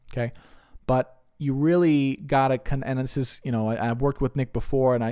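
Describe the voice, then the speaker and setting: With a mid-range voice, a young man chats casually on a live stream, answering viewers as a spiritual reader. He comes across as earnest and a bit rambling, and his energy picks up when he tells stories.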